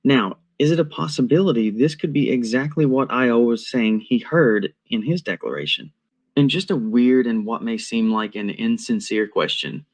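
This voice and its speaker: A man reading a scripted commentary in a measured, deliberate and analytical way. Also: mid-range voice, lively intonation.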